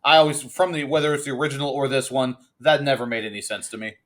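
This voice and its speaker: A man in a casual movie review chat, speaking quickly with incredulous asides. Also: mid-range voice, steady tone, fairly bright tone. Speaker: podcast co-host.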